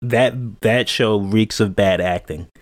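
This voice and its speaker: A man in his thirties co-hosts a casual chat in a wry, joking way. His voice is mid-pitched. The sound is close and dry, with no room echo. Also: slow. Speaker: podcast co-host.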